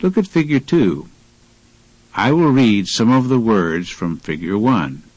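A man reads out a language-lab pronunciation lesson, stretching each word with careful, deliberate enunciation. His voice sits fairly low but swings through a wide, lively pitch range. The recording is dry and close. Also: no room sound, low-quality recording. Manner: slow, deliberate enunciation for repetition drills. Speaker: language course narrator. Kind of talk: scripted language-lab instruction.

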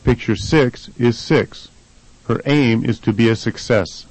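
A man reads answers and dialogue lines for an English lesson in a plain, even manner. His voice sits at an ordinary middle pitch, and the recording is dry and close. The style is scripted teaching narration. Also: a little slow, dry recording, poor audio. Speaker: language lesson voice actor.

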